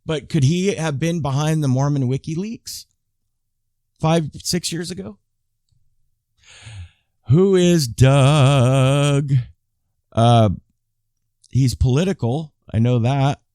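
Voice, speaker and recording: A man's voice: on the high side, unhurried, warm tone, dry recording, clean studio sound. A man in his fifties giving casual YouTube commentary, reading viewer emails aloud and rambling with frequent restarts and asides to his viewers. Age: 50s.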